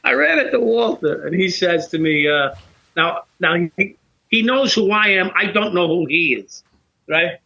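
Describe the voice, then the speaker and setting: New guy, middle-aged, cursing a lot, bright edgy voice, acts out the dialogue. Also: high-pitched, normal speed, gravelly. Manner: animated, profane, acts out both sides of dialogue. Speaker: podcast guest, former police officer. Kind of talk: casual storytelling in conversation. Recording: dull lo-fi podcast audio.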